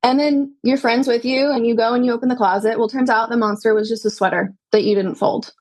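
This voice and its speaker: A woman with a slightly high-pitched voice speaks as a podcast guest, earnest and reflective. She often checks in with the listener with small tag questions. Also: steady tone, fairly quick, darkish tone, poor audio. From United States. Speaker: podcast guest, yoga teacher and doula. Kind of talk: conversational interview.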